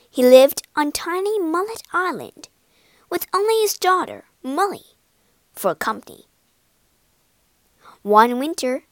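A woman tells a storybook slowly and theatrically, slipping into whispers for suspense. Her voice is high and sings across a wide pitch range, in a close, dry recording. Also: fairly bright tone, no room sound. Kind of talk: storybook narration.

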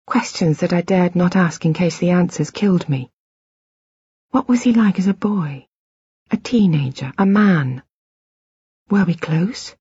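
Husky woman reading a novel aloud, slow and low, dry muffled recording. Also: warm tone, dry recording. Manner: measured, intimate first-person reading. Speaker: audiobook narrator. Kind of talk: novel narration.

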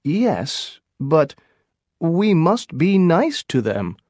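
A man's voice: fairly high pitch, big pitch swings, extremely slow, darkish tone, husky, no room sound, exaggerated voice. An anxious colonial leader from a storybook, put on by a man narrator. He sounds worried and pleading, with a slightly raised voice. The sound is close and dry.

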